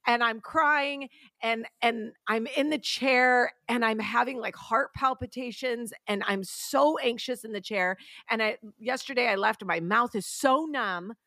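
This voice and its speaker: A woman's voice: on the high side, a little slow, pushed and bright, dry recording, studio quality. A young woman co-hosting a casual podcast, telling self-deprecating stories in a chatty way. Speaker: podcast co-host. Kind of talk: casual chat.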